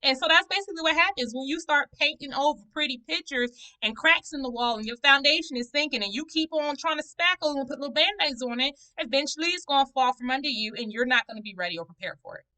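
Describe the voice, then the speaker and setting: Woman vlogger, high and bright voice, animated, conversational, a little preachy. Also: fast, few pauses, rough recording. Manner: animated, conversational, preachy storytelling with playful asides. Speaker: vlogger reviewing a book. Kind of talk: casual personal vlog talk.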